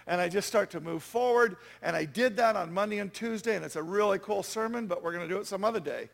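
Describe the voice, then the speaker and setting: A man's voice: sits high, quick pace, vocal fry, hardly any pauses. A man preaching a sermon as pastor, conversational and self-deprecating, with frequent asides to the congregation.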